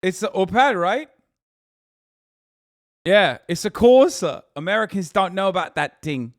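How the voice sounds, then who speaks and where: Male streamer host, profane and animated, slightly higher voice. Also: measured pace, no echo, studio quality. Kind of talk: casual reaction chat.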